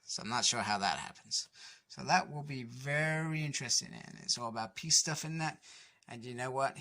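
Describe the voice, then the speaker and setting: A man's voice: mid-range voice, normal speed, pushed and bright. A young man casually recapping a comic book issue, rambling with lots of "anyway" and fillers.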